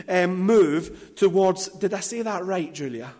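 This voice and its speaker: A man with a high voice delivers a sermon at an unhurried pace. He stresses his points with care and breaks off now and then to poke fun at himself. His voice rings out with a long reverb, as in a large hall. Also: lively intonation, darkish tone, slightly rough. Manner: deliberate, emphatic delivery with light self-deprecating asides. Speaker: preacher.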